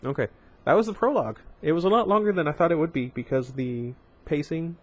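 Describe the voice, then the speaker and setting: A man's voice: fairly high pitch, expressive, brisk. A man reading a novel aloud for his channel, with casual asides and occasional self-corrections. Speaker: book reader.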